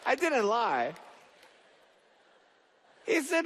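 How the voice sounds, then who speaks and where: A man's voice: high-pitched, sing-song, a little slow, pauses often, fairly bright tone. A young man giving a motivational talk to a live audience, telling a story and acting out both sides of the dialogue. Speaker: motivational speaker. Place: large stage venue. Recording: reverberant hall.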